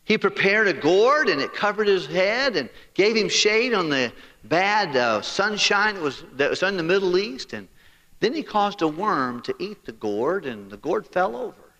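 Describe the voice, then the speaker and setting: A man's voice: high-pitched, normal speed, big-room sound. A man preaching a storytelling sermon, folksy and joking, acting out the story's dialogue. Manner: animated, acts out the dialogue of the story.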